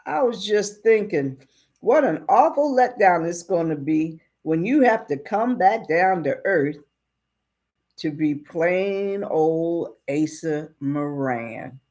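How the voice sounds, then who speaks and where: A woman's voice: fairly low pitch, expressive, takes it slowly, a little mellow. A woman voicing a joking male ranch hand who teases a friend in a story she is telling. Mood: teasing.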